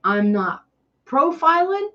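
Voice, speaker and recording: A woman's voice: sits high, big pitch swings, takes it slowly, fairly bright tone, muffled recording. A woman with a Southern US country accent chatting casually with viewers on a live stream, sarcastic and self-deprecating. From Tennessee. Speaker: DIY channel host doing a live stream.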